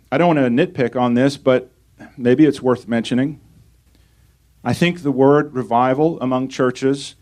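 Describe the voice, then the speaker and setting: A man's voice: mid-range voice, darkish tone. Man preaching an earnest sermon. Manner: earnest preaching, reads scripture aloud and asks rhetorical questions. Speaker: pastor.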